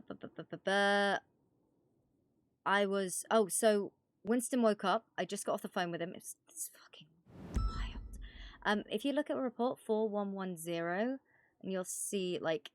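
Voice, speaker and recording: A woman's voice: mid-range voice, a little slow, clean tone. A woman role-playing a police officer, chatting in character with frequent swearing and stammered restarts. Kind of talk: in-character role-play chat.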